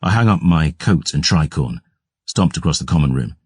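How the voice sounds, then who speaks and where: A man giving gruff, measured first-person audiobook narration. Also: extremely low pitch, animated, darkish tone, no room sound, studio quality.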